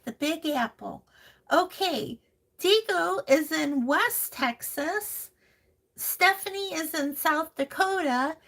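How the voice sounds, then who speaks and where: A woman's voice: sits high, animated, takes it slowly, vocal fry, a bit bright. A woman hosting a crafting live stream, chatting casually and fondly calling viewers honey and sweetheart, laughing often. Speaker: crafting channel host. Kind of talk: live-stream chat, reading viewer comments.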